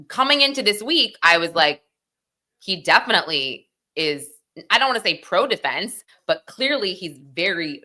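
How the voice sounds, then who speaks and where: A woman's voice: on the low side, sharp tone. A young woman hosting a live legal talk show, chatting casually with lots of "like" and "you know" and acting out the people she quotes.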